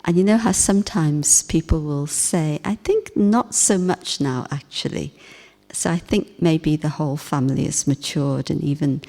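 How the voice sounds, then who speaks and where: A woman giving a spiritual class talk, speaking in a gentle, reflective way with soft emphasis. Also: low voice, normal speed, vocal fry. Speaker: spiritual teacher. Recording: long hall reverb.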